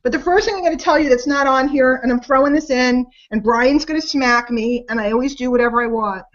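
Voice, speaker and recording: A woman's voice: sits high, fast talker, muffled recording. A middle-aged woman hosting a casual sales webinar, talking in a chatty, rambling, self-deprecating way. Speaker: webinar host.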